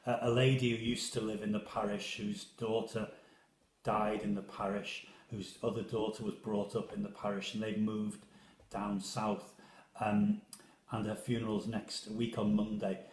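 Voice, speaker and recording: Chatty priest with a soft Liverpool accent. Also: male voice, on the low side, flat delivery, moderate pace. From England. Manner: chatty, rambling, self-deprecating, with many restarts. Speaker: parish priest. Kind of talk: casual chat to viewers. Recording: roomy echo.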